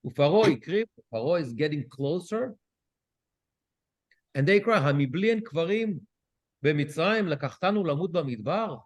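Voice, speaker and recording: Cantor guy giving a bible class, higher voice, swoops up and down a lot, reads hebrew lines then explains. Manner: reads Hebrew verses and translates them, animated and questioning. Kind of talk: Bible study lecture.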